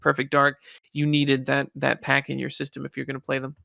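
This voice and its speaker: Man, podcast host, gravelly, bright, animated, dry recording. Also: medium pitch, a little fast, dry recording. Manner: animated storyteller, laughs often. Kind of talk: casual chat.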